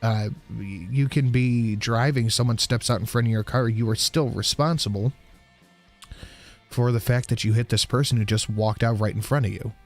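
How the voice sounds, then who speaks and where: A man's voice: mid-range voice, moderate pace, faint music behind. A man hosting a live stream, reacting to clips in a casual, sarcastic way and swearing freely.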